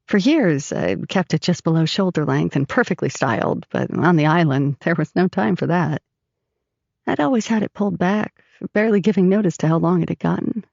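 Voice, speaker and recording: Gravelly woman narrating an audiobook. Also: fairly low pitch, a little mellow, no room sound. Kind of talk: first-person audiobook narration. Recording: dry, slightly dull recording.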